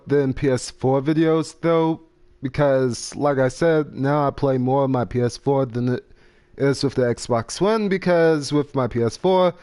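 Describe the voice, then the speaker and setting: Young male host, casual game chat, unhurried and meandering. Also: medium pitch, a little mellow, smooth. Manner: slow, rambling, trails off while browsing menus. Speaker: gaming channel host. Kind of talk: casual gaming podcast chat.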